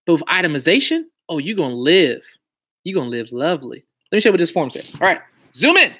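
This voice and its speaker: A man's voice: fairly high pitch, lively intonation, quick pace, pushed and bright. A man talking loosely and confidently on a casual live stream about taxes and credit. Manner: loose, conversational, slangy and self-assured. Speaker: credit and tax educator.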